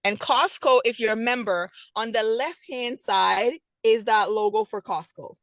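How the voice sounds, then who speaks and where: A middle-aged woman, a food business owner, telling her story as an interview guest in an excited, animated way, acting out the conversations she recalls. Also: on the high side, a little slow, dry recording.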